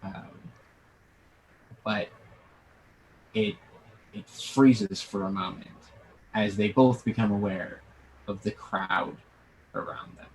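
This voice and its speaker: A man narrating a tabletop game as game master, halting with many fillers. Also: fairly low pitch, creaky, a little hiss or hum, poor audio.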